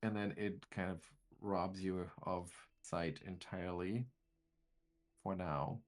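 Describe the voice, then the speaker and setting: A man's voice: low voice, steady tone, slow pace. A man running a tabletop game as game master, narrating turns and thinking aloud. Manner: thinking aloud, rambling with restarts.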